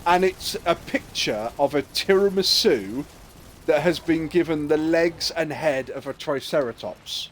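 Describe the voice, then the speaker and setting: A middle-aged English man chatting casually on a livestream, an animated storyteller who swears freely and slips into other people's voices. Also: a little high, unhurried. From England. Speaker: streamer.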